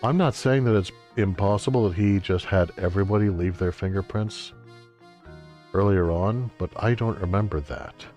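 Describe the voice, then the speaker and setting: A man's voice: fairly low pitch, normal speed, a little mellow, highs cut off, soft background music. A man streaming a video game, giving wry, joking commentary with exaggerated exclamations. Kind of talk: let's-play commentary.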